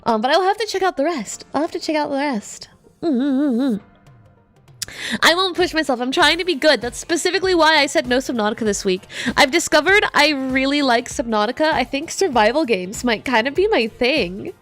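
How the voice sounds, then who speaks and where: A bubbly, talkative woman streamer with a bright, high voice, chatting casually with her viewers as she plays. She reads their messages aloud and laughs easily. Soft background music plays faintly under her voice. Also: animated, normal speed. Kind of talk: casual live-stream chat while gaming.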